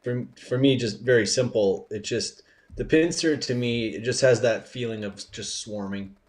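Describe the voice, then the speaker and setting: A man's voice: mid-range voice, moderate pace, a little mellow. A man co-hosting a podcast, talking through ideas in a reflective, casual way and repeating words as he builds his point. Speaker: podcast co-host.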